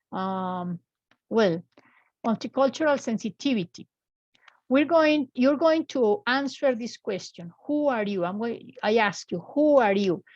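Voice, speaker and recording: A woman in her fifties teaching an English class from home over a video call, explaining slowly and patiently with repeated examples. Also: fairly high pitch, a little mellow, no echo, highs cut off. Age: 50s.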